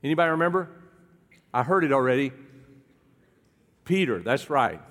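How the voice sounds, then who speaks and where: A man's voice: medium pitch, sing-song, normal speed, a bit bright. Man preaching a sermon in a reverberant hall. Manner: conversational preaching, asks the congregation questions. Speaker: pastor. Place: church hall with a congregation.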